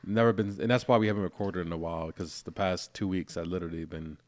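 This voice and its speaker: A man's voice: sits low, steady tone, fast talker, no room sound. A man co-hosting a movie podcast in casual chat, laid-back and laughing often. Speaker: podcast co-host.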